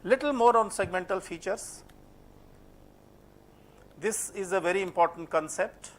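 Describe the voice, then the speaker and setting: A man's voice: high-pitched, a little slow. A man with an Indian English accent lecturing a class on French pronunciation, asking questions and repeating words as a drill. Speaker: French phonetics teacher.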